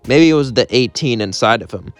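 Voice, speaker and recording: A man's voice: medium pitch, expressive, fairly quick, soft background music. Man casually narrating a fan story. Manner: loose, rambling retelling.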